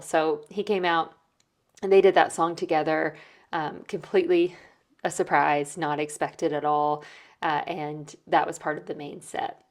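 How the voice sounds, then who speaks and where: Low-voiced woman chatting casually. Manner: chatty, many "like" and "um" fillers. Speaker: podcast host. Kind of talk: casual storytelling recap.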